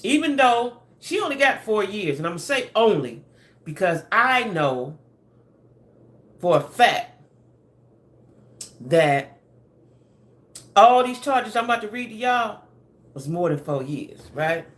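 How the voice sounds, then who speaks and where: A woman's voice: medium pitch, very animated, slow pace, long pauses. A woman hosting a casual gossip livestream from her home desk, chatting in Southern vernacular and greeting viewers by name. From Southern United States. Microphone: camera and ring light at desk.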